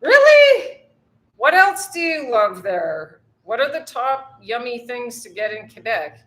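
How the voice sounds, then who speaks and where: A woman's voice: fairly high pitch, animated, unhurried, a bit bright. A woman from the United States hosting a casual livestream, chatting with viewers and answering their comments. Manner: chatty, swears lightly, reads and answers comments. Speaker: livestream host. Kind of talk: casual live chat with viewers. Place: outdoors in bright sun.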